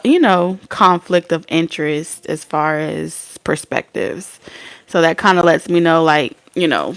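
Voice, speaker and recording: A woman's voice: deep voice, gravelly. A woman hosting a live tarot reading, chatting casually and folksily with her viewers. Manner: chatty, reads out viewer comments, folksy slang. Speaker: tarot reader.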